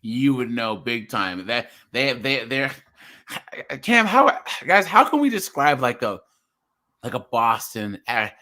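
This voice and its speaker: Bright, animated man chatting casually. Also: medium pitch, slow. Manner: animated, laughing, rambling. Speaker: host. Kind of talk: casual reaction chat.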